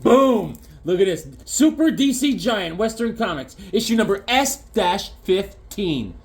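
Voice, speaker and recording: A man chats through his comic collection, swinging between rambling anecdotes and deadpan punchlines. His voice sits a bit higher than most men's and moves around a lot, giving his show-and-tell a lively, animated feel. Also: measured pace. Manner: rambling joke-telling storyteller, punchlines. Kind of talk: casual show-and-tell with jokes.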